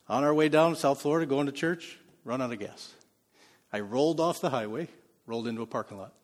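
A man preaching a sermon as pastor, in a conversational style with frequent laughs, moving between soft and loud passages. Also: mid-range voice, normal speed, pauses often, big-room sound.

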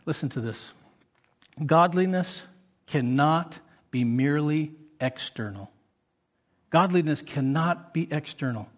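A man's voice: on the high side, animated, measured pace, long pauses. A man preaching a sermon as a pastor, earnest and full of rhetorical questions to the congregation.

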